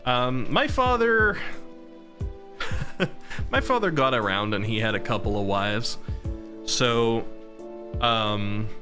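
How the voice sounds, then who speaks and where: A man's voice: mid-range voice, expressive, slow pace, pauses often, over music. A man in his thirties chatting casually on a live stream, rambling and chuckling between thoughts.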